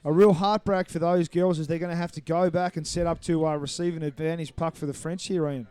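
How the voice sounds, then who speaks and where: Male play-by-play commentator, warm and smooth, slightly high voice, brisk explanatory calls. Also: fairly even intonation. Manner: brisk, explanatory, apologetic over names. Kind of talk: live sports commentary.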